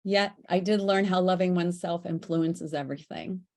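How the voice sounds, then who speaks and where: A woman's voice: on the low side, fairly even intonation, normal speed, darkish tone. An older woman, once a radio host, reading her personal story aloud on stage with a delighted, upbeat tone.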